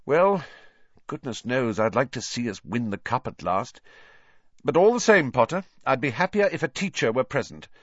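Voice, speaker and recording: A man reading aloud voices a stern, strict older female teacher who speaks in a crisp, serious way. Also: medium pitch, big pitch swings, moderate pace, no echo, pitched above the performer's own voice. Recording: dull lo-fi dry recording.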